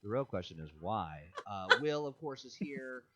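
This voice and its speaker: A man hosting a relaxed online chat, reading out comments and joking his way through. His pitch swings up and down a lot as he talks, and he laughs easily between lines. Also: moderate pace, muffled recording, heavy background noise. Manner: joking, laughs often, playful asides. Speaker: host and show producer. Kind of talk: casual livestream chat, reading viewer comments.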